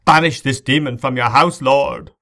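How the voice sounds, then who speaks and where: A man's voice: fairly low pitch, brisk, gravelly, pushed and bright. A man playing a terrified, pompous old bishop in a storybook reading, crying out in fear. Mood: fearful.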